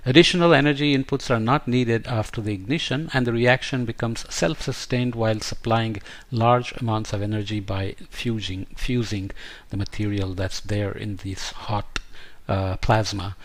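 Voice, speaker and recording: A man's voice: lowish voice, steady tone, moderate pace. A man giving an explanatory science lecture over slides, thinking aloud with frequent hesitant fillers and self-corrections.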